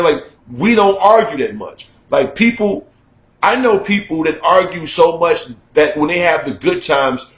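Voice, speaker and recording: Middle-aged guy ranting on the radio, cussing, fairly high voice, echoey room. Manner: profane, emphatic, conversational, gets loud when worked up. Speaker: radio talk show host. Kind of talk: candid talk-show monologue.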